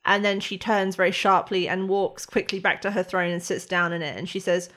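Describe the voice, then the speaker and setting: Bright, chatty woman game master. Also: fairly low pitch, steady tone, fairly quick, hardly any pauses. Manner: chatty, hedging with fillers. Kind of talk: narrating a tabletop game.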